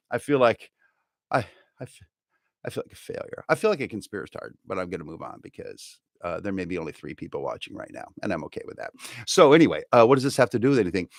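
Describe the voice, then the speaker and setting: A man hosting a live comedy show, rambling and joking to camera, jumping between loud bursts and low mutters. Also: sing-song, quick pace, dry recording, studio quality. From United States.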